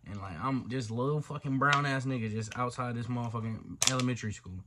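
A man's voice: medium pitch, a little fast, noisy background. A young man telling a story on his channel in a loose, slangy, profane way, jumping into the voices of the people in it. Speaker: storytime vlogger. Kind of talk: casual storytime monologue.

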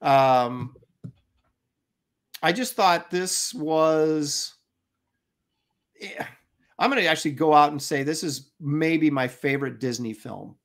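A man's voice: fairly high pitch, animated, takes it slowly, long pauses, fairly bright tone. A middle-aged man co-hosting a casual chat, enthusiastic and rambling, often restarting his sentences. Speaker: co-host.

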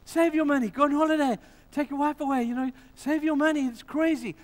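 A man voicing a generous landowner in a sermon story, with a high, pleading, exasperated delivery. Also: steady tone, a little fast, long reverb tail.

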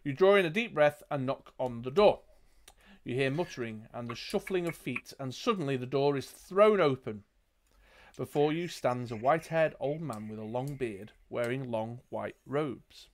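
A man's voice: medium pitch, animated, moderate pace. A man narrating a gamebook as game master, with dry joking asides. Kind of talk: reading and narrating a gamebook playthrough.

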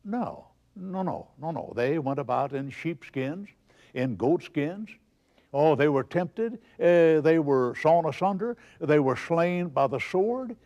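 A man's voice: a little high, lively intonation, a little slow, a little mellow. A man preaching a broadcast sermon, asking rhetorical questions and answering them himself with emphasis.

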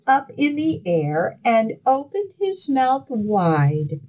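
Outdoors, a woman librarian leads children's storytime, reading a fairy tale aloud slowly and expressively. Her voice is mid-range, and the recording is rough.

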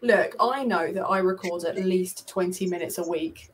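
A woman hosting a casual chat over a video call, chatty and animated, laughing often. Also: fairly low pitch, moderate pace, a little hiss or hum. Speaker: podcast host.

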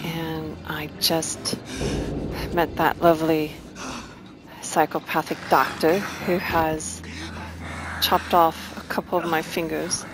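A woman's voice: deep voice, flat delivery, slow pace, long pauses, noisy background. A woman commentating her horror game playthrough, fretful and playful, muttering to herself. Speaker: let's play gamer.

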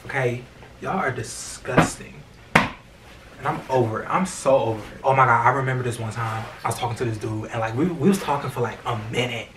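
A man's voice: medium pitch, a little fast, distant mic, background noise. A young man, talking casually in a vlog with lots of fillers and swearing. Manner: expressive, swears freely, many fillers. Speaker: vlogger. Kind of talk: casual storytime chat.

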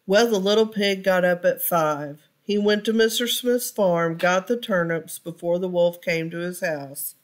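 A woman reads a children's picture book aloud for storytime. Her pace is slow and deliberate, and she stops now and then to ask her young listeners questions. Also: fairly low pitch.

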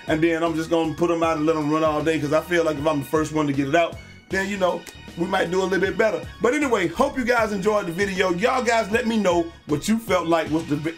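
A man hosting a video channel, giving hyped, slangy commentary over basketball highlights and shouting out the big plays. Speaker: YouTube host and streamer.

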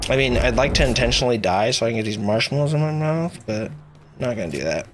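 A man streaming a video game live, talking excitedly and mockingly at himself with his mouth stuffed with marshmallows. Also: mid-range voice, fast, heavy background noise. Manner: muffled speech with marshmallows in mouth. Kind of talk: live gameplay commentary.

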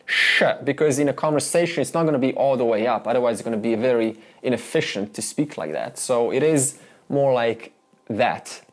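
A man's voice: mid-range voice, a little fast. A man teaching a beginner Sanskrit lesson, patiently repeating sounds for students and explaining where the tongue goes. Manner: patient, repeats sounds many times for practice; explains mouth and tongue positions step by step. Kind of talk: beginner language lesson with pronunciation drills.

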